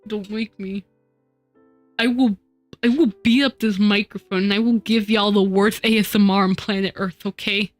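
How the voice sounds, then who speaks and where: A woman's voice: medium pitch, fairly even intonation, normal speed, soft background music. A woman streamer chatting casually with her live chat as she works, teasing and mock-indignant in her banter.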